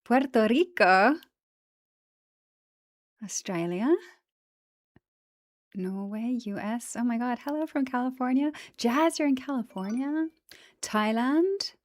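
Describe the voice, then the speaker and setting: A woman's voice: fairly high pitch, expressive, unhurried, long pauses, a little mellow, no echo. A woman chatting casually on a livestream, greeting viewers, giggling, tired after the gym. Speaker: streamer.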